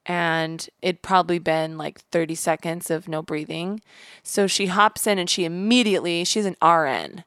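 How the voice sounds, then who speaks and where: A woman guest on a podcast, telling a personal story in an animated way and acting out the voices of the people in it. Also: on the low side, normal speed, smooth, no echo, clean studio sound. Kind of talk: casual storytelling interview.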